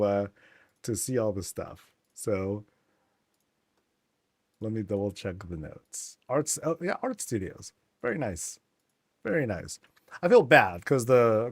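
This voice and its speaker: A man's voice: lowish voice, no echo, studio quality. A man streaming a game, chatting casually and rambling with many fillers as he tours homes.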